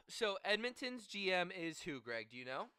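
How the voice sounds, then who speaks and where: Bright, crisp-voiced man. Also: high-pitched, big pitch swings, a little slow, no room sound. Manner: profane, storytelling, laughs often. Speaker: podcast co-host. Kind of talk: casual sports chat.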